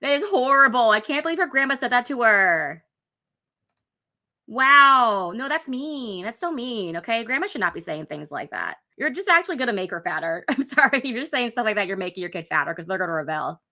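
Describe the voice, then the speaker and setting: Woman, reaction host, sharp bright tone, chatty, laughs a lot. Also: a little high, big pitch swings, brisk. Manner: laughs often, pointing out faces. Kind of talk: casual commentary over clips.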